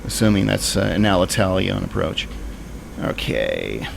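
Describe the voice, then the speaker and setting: A man's voice: deep voice, very animated, normal speed, creaky, noisy background. A man streaming a flight simulator, thinking aloud in casual, rambling commentary.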